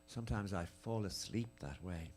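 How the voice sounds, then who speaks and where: A man giving a dramatic reading of letters at a live tribute event, with an intimate, measured, lingering delivery. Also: sits low, expressive, a little mellow, faint music behind.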